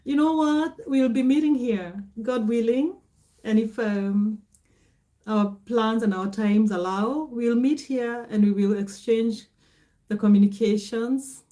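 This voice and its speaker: A middle-aged Kenyan-accented woman hosts a casual livestream. She talks straight into her phone or webcam, reading viewer comments aloud and greeting each viewer by name, in a mellow, soft-toned voice at a medium pitch. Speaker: livestream host.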